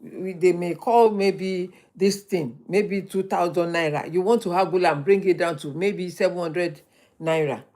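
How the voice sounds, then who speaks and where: A woman's voice: fairly low pitch, fairly even intonation, a little slow, dark tone. A woman hosting a motivational live stream, telling stories and repeating points for emphasis.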